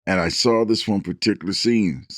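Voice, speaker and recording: A man's voice: lowish voice, moderate pace, no echo, studio quality. A man co-hosting a podcast, telling stories with animation and acting out lines, restarting in bursts. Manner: animated storyteller who acts out the characters' lines. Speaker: podcast co-host. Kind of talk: casual chat, storytelling.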